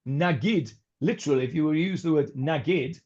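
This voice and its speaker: A rabbi with a fairly high, slightly mellow voice teaches a Bible class at a brisk clip, captured on a dull lo-fi recording. He talks informally, with many fillers and restarts, and mixes in Hebrew words and verses.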